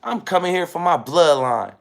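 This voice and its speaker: A man's voice: on the high side, animated, normal speed, creaky. A man talking casually to his viewers in a rambling, emphatic monologue, often repeating phrases for weight. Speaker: vlogger. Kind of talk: casual self-filmed monologue.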